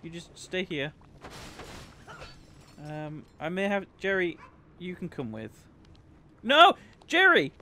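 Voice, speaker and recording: Lively excitable male game streamer. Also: on the high side, slow, pauses often, slight background noise. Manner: chatty, excitable, nerdy tangents. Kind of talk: casual livestream commentary.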